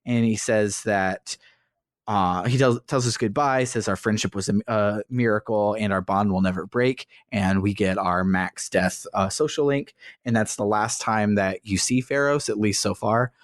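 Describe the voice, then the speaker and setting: A man's voice: on the low side, normal speed, dry recording, studio quality. A man co-hosting a podcast, recapping the plot in a rambling, casual way with many fillers and restarts. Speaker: podcast co-host. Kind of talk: casual game recap chat.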